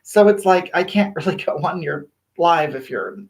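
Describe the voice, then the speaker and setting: Woman as a self-flattering online diva, live-stream chat, gushes at fans and sasses haters. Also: lowish voice, moderate pace. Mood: sassy. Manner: gushing and self-flattering, sassy toward critics. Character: vain, sassy woman livestreaming to fans. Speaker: livestream host. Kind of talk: live-stream chat reading viewer comments. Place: small bathroom.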